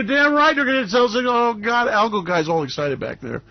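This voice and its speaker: A man's voice: a little high, lively intonation, fast, few pauses, no echo, lo-fi sound. A man hosting a finance radio show in a sarcastic, theatrical, mock-gushing way. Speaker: host.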